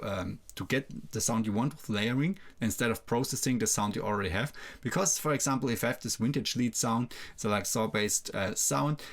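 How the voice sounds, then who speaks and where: A man explaining music production in a screen-share tutorial, halting and filling pauses with "uh" and "like" as he thinks. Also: medium pitch. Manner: halting, filler-heavy explaining.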